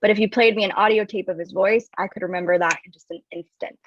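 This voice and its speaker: A woman's voice: mid-range voice, fairly even intonation, fast talker, no room sound. Earnest woman guest, dull dry recording. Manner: earnest and reflective, heavy use of "like". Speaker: guest, wellness coach. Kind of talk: candid personal storytelling in an interview.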